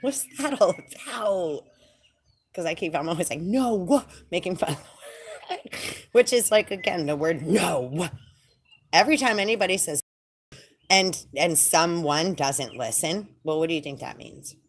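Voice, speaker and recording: Low-voiced woman musing on spirit. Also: measured pace, long pauses, a little hiss or hum. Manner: animated, slangy, laughing, rambling. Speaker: spiritual channeler. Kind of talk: casual spiritual monologue.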